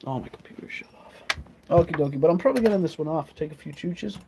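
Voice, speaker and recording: A young man streaming casually and swearing freely, often going high and sing-song while scolding his dog. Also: animated, fast talker. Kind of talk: casual livestream chat. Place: outdoors by a street, later indoors. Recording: outdoor mic with loud traffic noise.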